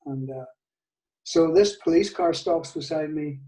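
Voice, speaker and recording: An older man with a Northern Irish accent, telling stories as a guest in a casual interview, hesitant, with many restarts and soft laughs. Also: a little high, steady tone, a little slow, echoey room, distant mic, low-quality recording. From Northern Ireland. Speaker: guitar maker, guest.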